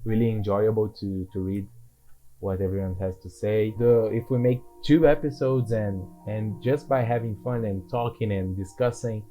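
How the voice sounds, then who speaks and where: Guy chatting thru a game, mellow dark voice, rambles and restarts a lot, self-deprecating, faint music behind. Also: lowish voice, fairly even intonation, moderate pace, poor audio. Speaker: gaming video creator. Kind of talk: casual gameplay commentary.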